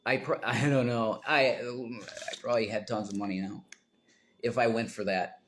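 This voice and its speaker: A man's voice: mid-range voice, steady tone, normal speed, fairly bright tone, a little hiss or hum. A man chats to his livestream audience over a home streaming mic, wandering from one tangent to the next. His voice sits in a plain middle register, and he keeps breaking into sudden emphatic outbursts. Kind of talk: rambling livestream chat.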